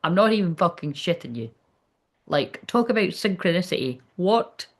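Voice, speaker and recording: A woman's voice: on the low side, animated, normal speed. A woman giving a casual livestreamed card reading, chatty and rambling, swearing freely. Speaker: tarot card reader.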